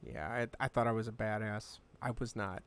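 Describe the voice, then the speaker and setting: A man's voice: fairly low pitch, fairly quick, fairly bright tone, clear, resonant tone. A young adult man co-hosting a podcast, chatting casually and telling stories about watching movies. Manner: chatty, storytelling. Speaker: podcast co-host.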